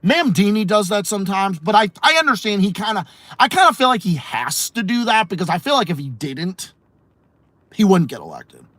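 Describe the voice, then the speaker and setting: Massachusetts guy ranting on his podcast, swears constantly, voice sits a bit high and swings all over, dry sound. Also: big pitch swings, normal speed, a bit bright, dry recording. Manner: profane, blunt and opinionated. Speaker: podcast host. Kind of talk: ranting livestream podcast, answering chat.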